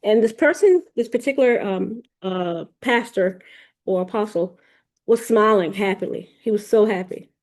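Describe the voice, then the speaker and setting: A woman's voice: medium pitch, normal speed, darkish tone. A woman hosting a podcast, telling a spiritual vision in a rambling, casual way, often repeating words and restarting sentences. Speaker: podcast host. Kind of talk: casual spiritual storytelling monologue.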